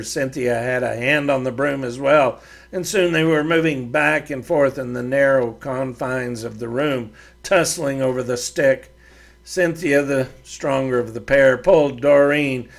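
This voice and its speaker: Host narrating a western serial, slow, gravelly delivery. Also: male voice, medium pitch. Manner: slow, measured storytelling. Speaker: podcast host and author reading his serial. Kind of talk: storybook narration.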